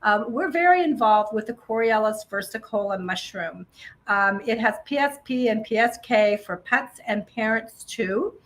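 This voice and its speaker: A woman's voice: on the high side, animated, moderate pace, rough recording. A middle-aged woman, a pet nutrition specialist, explaining in a friendly way as a guest with many ums. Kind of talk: casual interview talk.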